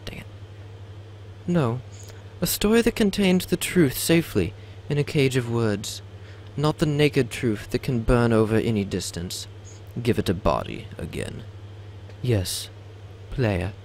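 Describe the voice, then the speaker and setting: Gravelly man reading with theatrical sweep. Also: medium pitch, sing-song, a little slow, a little mellow, slight background noise. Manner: theatrical reading with stumbles and joking asides. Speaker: let's play host. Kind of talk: dramatic reading over gameplay.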